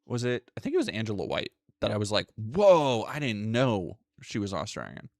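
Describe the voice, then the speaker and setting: A man's voice: on the low side, very animated, moderate pace, no room sound, clean studio sound. A man streaming live, reading news articles aloud and breaking off into profane, sarcastic asides while thanking chat.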